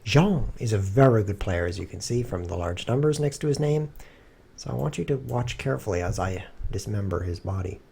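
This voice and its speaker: A man streaming himself playing chess, thinking aloud and cracking dry, deadpan jokes in low muttered asides. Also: a little fast, gravelly, breathy edge.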